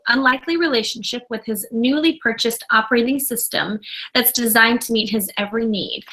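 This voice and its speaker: A woman with a bright, clear voice that sits a little high, chatting as co-host of a film podcast. She is enthusiastic and blunt and jokes freely about films she loves. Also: low-quality recording. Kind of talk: casual chat.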